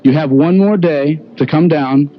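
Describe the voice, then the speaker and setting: A man's voice: a little high, measured pace. A man reports live from a fan convention in a chatty, promoting way. His voice comes through a dull old videotaped broadcast. Music plays behind him.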